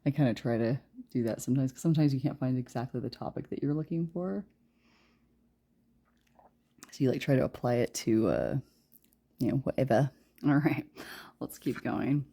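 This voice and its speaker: Low gravelly woman doing a chill tarot reading, rambly, kinda quiet sometimes. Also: animated, moderate pace, long pauses. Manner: rambling, chatty, trails off with fillers and soft laughs; speaks softly and quietly at times. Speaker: tarot reader. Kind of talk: casual pick-a-card tarot reading.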